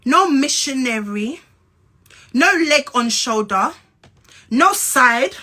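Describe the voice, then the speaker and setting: A woman's voice: high-pitched, lively intonation, takes it slowly, bright, forceful tone. A young woman with a London and Essex accent, ranting straight to camera in a blunt, profane, confrontational way and repeating lines for emphasis. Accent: London and Essex English. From England. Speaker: social media personality. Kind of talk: angry direct-to-camera rant.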